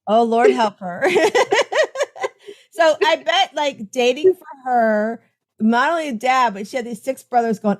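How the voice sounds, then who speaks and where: A middle-aged woman hosting an interview, effusive and quick to laugh as she chats about family. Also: a little high. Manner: enthusiastic, effusive, laughs often. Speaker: host. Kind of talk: casual interview chat.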